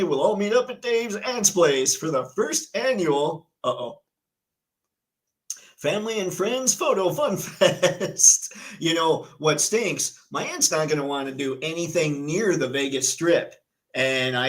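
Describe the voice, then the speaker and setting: Chatty, excitable man hosting a livestream. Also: fairly high pitch, measured pace, rough recording. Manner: chatty and excitable, reads viewer comments and news aloud. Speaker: livestream host. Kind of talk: casual live stream chat.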